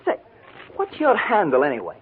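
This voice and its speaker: An actor playing an eager young piano player and songwriter who chats in hipster slang, in 1940s radio-drama style. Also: male voice, a little high, normal speed, a little hiss or hum. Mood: aggrieved gossip. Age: young adult. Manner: bouncy hipster slang, excitable. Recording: tinny old radio broadcast.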